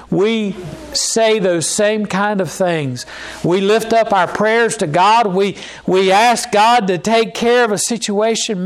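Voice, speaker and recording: High-voiced man preaching a slow sermon. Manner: reads scripture slowly, then preaches with fervent pleading. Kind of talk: sermon with scripture reading.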